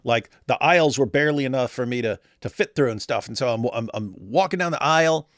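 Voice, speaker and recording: A man's voice: mid-range voice, quick pace, fairly bright tone, dry recording, studio quality. A man hosting a casual reaction commentary, telling rambling stories with jokes and sarcasm. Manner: rambling, joking, sarcastic storytelling. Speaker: commentary host.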